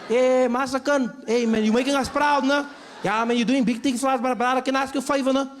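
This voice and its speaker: A comedian voicing an eager South African man back home who loudly begs him to keep his accent. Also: very high voice, fairly even intonation, fast, a faint crowd, a little hiss or hum, voice pushed up. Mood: pleading. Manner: shouting, pleading, drawn out.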